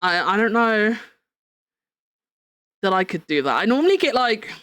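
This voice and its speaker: Lively woman streamer. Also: medium pitch, normal speed, dry recording. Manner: excitable, swears a lot, laughs often. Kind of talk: casual live-stream chat. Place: home room at a desk.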